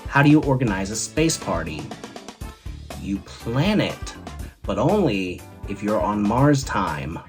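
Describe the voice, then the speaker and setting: A man's voice: lowish voice, darkish tone. A man hosting a comedy show, telling one joke after another in an upbeat way and leaning on the punchlines. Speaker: host.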